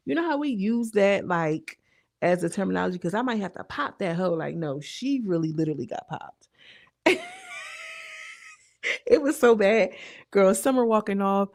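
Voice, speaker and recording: A young woman talks through a reality episode in loose, slang-filled chat, stopping often to check that the listener follows. Her voice has a gravelly, frying edge. The sound is close and dry, with no room around it. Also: mid-range voice, lively intonation, brisk, darkish tone, no echo. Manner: chatty, slangy, retells scenes with lots of asides. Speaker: reality show recap commentator. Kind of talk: casual recap chat.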